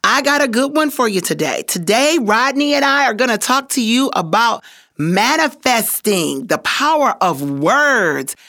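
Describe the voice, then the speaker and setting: Upbeat woman with lively pitch. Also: unhurried, no echo, clean studio sound. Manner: upbeat, enthusiastic, encouraging. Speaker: podcast host; voiceover artist. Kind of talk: motivational podcast talk.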